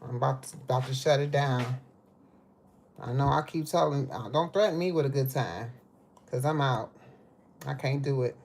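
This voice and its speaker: A woman's voice: rumbling low, normal speed, pauses often, a little mellow, a little hiss or hum. A woman hosting a casual live cooking stream in her home kitchen, chatting to viewers and calling them "baby" and "y'all". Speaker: livestream host.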